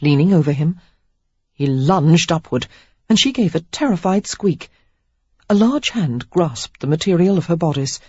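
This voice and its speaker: A woman narrating a romance audiobook in an expressive, steady storytelling manner. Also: low voice, husky, no room sound, dull audio. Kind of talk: scripted narration.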